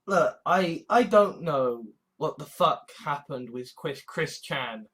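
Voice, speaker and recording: A woman's voice: low-pitched, animated, slow pace, breathy edge, rough recording. A woman giving a rambling, profane video monologue, agitated and often breaking off mid-sentence. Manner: profane, agitated, self-interrupting. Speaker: vlogger.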